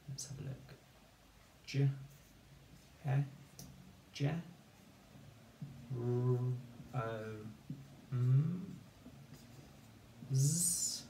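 A man's voice: mid-range voice, warm tone, a little hiss or hum. A man teaching a phonics lesson, patiently dictating a sentence and spelling words out letter by letter. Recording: echoey room, voice from far off.

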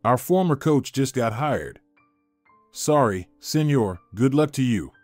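A man's voice: mid-range voice, expressive, slow, a little mellow, no echo, soft background music. Friendly young sports-center guy, read by a man. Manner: cheerful, polite.

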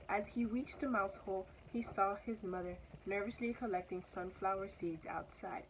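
A young woman reads a children's picture story aloud in a mid-pitched, evenly paced voice. Her storytelling is steady and expressive, with a faint hiss of background noise. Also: normal speed, few pauses, rough recording. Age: teenager or young adult. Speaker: student reader.

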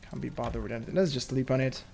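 A man's voice: mid-range voice, fairly even intonation, racing, vocal fry, a little mellow, slight background noise. Chatty nervous man narrating his gameplay. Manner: chatty, nervous laughs, thinks aloud. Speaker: gameplay commentator. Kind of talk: casual gameplay commentary.

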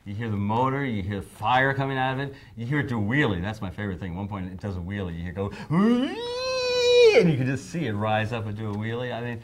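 A man's voice: medium pitch, wildly swooping pitch, a little fast, few pauses, noisy background. A man in his fifties being interviewed, telling anecdotes and acting out quotes in raised voices, laughing often. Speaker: songwriter interviewee.

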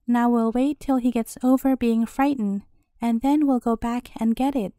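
A woman's voice: fairly high pitch, fairly even intonation, normal speed, dark tone, dry recording, clean studio sound, natural voice. A woman voicing a clever male rat in a storybook, bossy and squealing. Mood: scheming.

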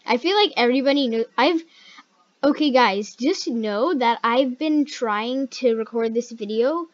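A woman hosts a gaming video in casual gameplay commentary, with a slightly high voice. She talks slowly but in an excitable, chatty way and yelps when something startles her. The recording sounds dull and lo-fi. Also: dry recording.

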